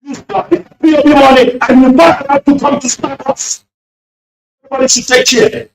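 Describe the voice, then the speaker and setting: High-pitched, fiery man on an echoey line. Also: fairly even intonation, creaky, distant mic, slight background noise. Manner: emotional, rapid-fire accusations, shouting at times. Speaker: caller. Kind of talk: impassioned radio call-in speech.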